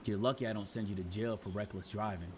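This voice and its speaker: A man's voice: lowish voice, steady tone, fast talker, a little hiss or hum, pitched below the performer's own voice, natural voice. A man quoting a stern, condescending cop. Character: stern, condescending male police officer.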